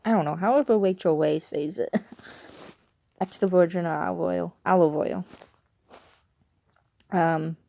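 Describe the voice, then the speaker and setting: A woman's voice: lowish voice, unhurried, vocal fry, pauses often, mellow, dry recording. Rambling woman with a Chicago accent. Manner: rambling, chatty, self-correcting. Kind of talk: casual vlog chat. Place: at home.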